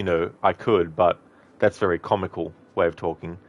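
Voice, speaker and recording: A man's voice: deep voice, fairly even intonation, normal speed, a little hiss or hum. A male streamer making casual commentary while gaming, rambling and thinking aloud.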